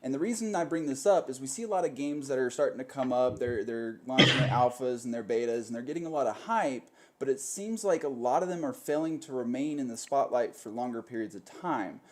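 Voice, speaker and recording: A man's voice: medium pitch, brisk, hardly any pauses. A man hosting a panel web show with upbeat show-host patter.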